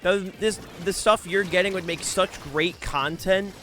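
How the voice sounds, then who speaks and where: A man's voice: high voice, fairly even intonation, a little slow, bright, forceful tone, soft background music. A young man streaming a game live, chatting casually with viewers in a brash, joking way and swearing a lot.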